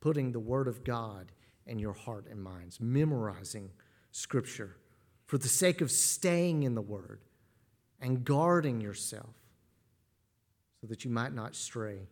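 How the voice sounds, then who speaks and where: Male pastor, mid-pitched, earnest sermon delivery with restarts. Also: lively intonation, unhurried, long pauses, darkish tone. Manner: earnest, repeats words when starting phrases.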